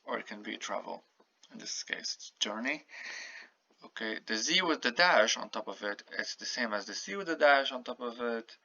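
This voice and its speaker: In a casual spoken language lesson, a man takes his time, slowly and patiently repeating each word so the learner can imitate it. His medium-pitched voice is gravelly, bright, forceful and animated, captured on a dry, slightly dull home-style recording.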